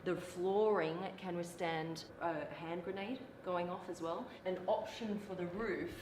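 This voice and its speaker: A woman's voice: fairly low pitch, steady tone, unhurried, a little mellow. An Australian woman presenting a car to camera at an auto show, upbeat and addressing the viewer directly. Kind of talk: video presenting. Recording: noisy show floor.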